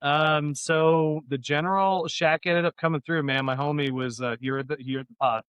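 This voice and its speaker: A man's voice: on the high side, steady tone, normal speed, a bit bright, clear, resonant tone, dry recording, highs cut off. A man co-hosting a podcast, telling long profane stories in a loose, rambling way. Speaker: podcast co-host. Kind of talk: casual podcast chat.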